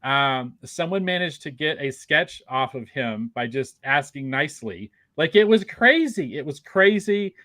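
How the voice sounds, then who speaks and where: Excited bright-voiced man hosting. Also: a little high, unhurried, few pauses, no echo. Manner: excited, gushing, stumbling over words. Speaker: podcast host. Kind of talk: casual chat.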